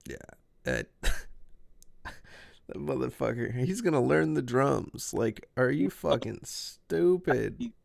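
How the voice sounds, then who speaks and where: A man in his twenties, a musician guest, telling stories in a casual, profane, animated way with bursts of laughter. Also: mid-range voice, slow, vocal fry, pauses often. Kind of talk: casual storytelling.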